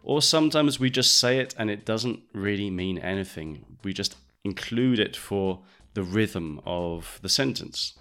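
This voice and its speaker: Male English teacher, podcast host, lowish voice, patient and methodical delivery. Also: a bit bright. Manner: patient and step-by-step, repeating phrases slowly. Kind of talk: explaining English pronunciation.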